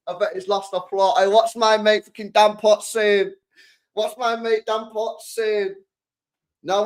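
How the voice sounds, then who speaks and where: Young man, football streamer, live reaction, excitable, sweary, repeats himself. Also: high voice.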